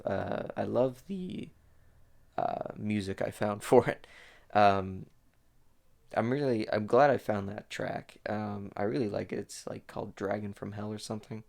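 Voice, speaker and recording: A man's voice: on the low side, vocal fry. A young man giving a casual, rambling commentary on his own fan animation, full of fillers and restarts.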